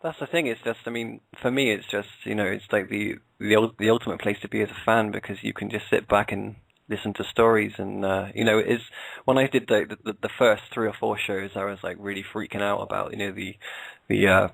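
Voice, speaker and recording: British man, flat even tone, dry close sound, lots of ums and restarts, casual guest chat. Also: on the low side, fairly quick, vocal fry, no room sound, rough recording. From England. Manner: hesitant, many fillers and restarts. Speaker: guest, podcast co-host.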